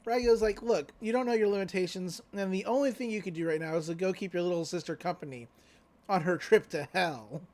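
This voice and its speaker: Chill podcast host rambling through a recap, mid pitch, lots of um and like. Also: a little fast, a little mellow. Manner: laid-back, loose retelling with many fillers and offhand quotes. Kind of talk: casual recap chat.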